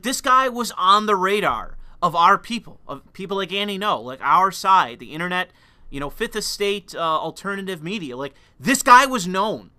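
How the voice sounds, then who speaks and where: A man's voice: high-pitched, bright, forceful tone, no room sound. Heated, profane male commentator, dry close sound. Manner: heated, profane, rambling with many fillers. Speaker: commentary channel host. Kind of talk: political commentary monologue.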